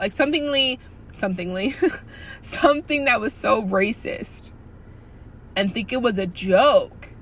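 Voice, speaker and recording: A woman in her early twenties telling a workplace story in a casual, animated rant, blunt and profane with lots of "like" fillers. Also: a little high, a little slow. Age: early 20s. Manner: indignant and blunt.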